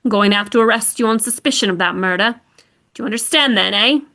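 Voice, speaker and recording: Woman putting on a firm formal british cop, bright edgy voice, bit louder. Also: fairly high pitch, fast talker. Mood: stern. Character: stern male British police detective.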